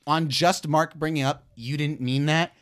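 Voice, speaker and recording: A young man co-hosting a casual podcast, reflecting out loud in hesitant, searching phrases. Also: on the high side, steady tone, measured pace, smooth. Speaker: podcast co-host. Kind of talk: casual chat.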